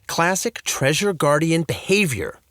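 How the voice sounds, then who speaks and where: A man's voice: on the high side, very animated, measured pace, a bit bright, no room sound, studio quality, pitched above the performer's own voice. A man voicing a goofy, overeager dad who plays detective, talking in a theatrical, conspiratorial way in a storybook reading.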